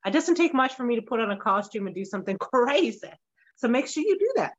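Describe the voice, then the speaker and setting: A woman's voice: on the high side, big pitch swings, fast talker, lo-fi sound. A woman hosting a podcast, chatting casually in a playful, joking way and laughing often. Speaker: podcast host.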